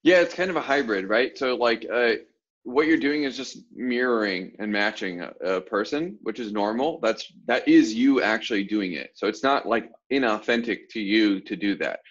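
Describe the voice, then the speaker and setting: A man's voice: medium pitch, animated, moderate pace, a bit bright, lo-fi sound. A man from the southern United States, a sales coach, explaining ideas casually with examples on a group coaching call.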